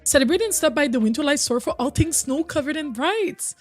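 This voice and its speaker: A woman's voice: high-pitched, animated, brisk, faint music behind. A young woman streaming a game and chatting casually with her viewers, getting over a cold. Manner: chatty, reads and answers chat, hums and sings bits. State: recovering from a cold.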